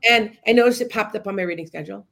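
A woman's voice: medium pitch, racing, gravelly, a bit bright. Rambling woman podcast host. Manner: rambling, with many restarts and asides to listeners. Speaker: podcast host and psychic medium. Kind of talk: casual storytelling monologue.

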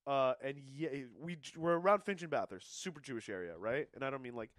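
A man, a stand-up comedian, telling stories in casual podcast chat and breaking into loud character voices. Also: medium pitch, lively intonation, fast talker, dry recording.

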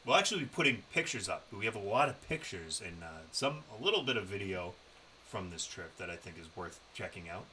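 Low-voiced, bright-toned man telling a story. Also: very animated, fairly quick, slight background noise, poor audio. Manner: loose, profane storytelling. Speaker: podcast co-host. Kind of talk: casual chat.

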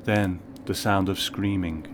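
A man narrating a first-person story in a measured, wry way. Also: deep voice, steady tone, background noise.

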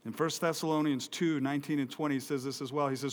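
A man preaching a sermon with passion, swinging from loud, emphatic peaks to low, quiet stretches. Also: steady tone, fast. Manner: impassioned preaching, rising loud for emphasis and dropping low and soft. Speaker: pastor. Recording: long hall reverb.

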